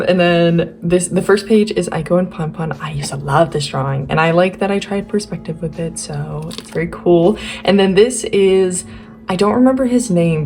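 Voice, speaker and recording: A woman's voice: fairly low pitch, darkish tone. A young woman gushing over her old sketchbooks in rambling, giddy casual chat, her voice a little worn. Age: young adult. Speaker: artist flipping through sketchbooks. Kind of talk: casual commentary.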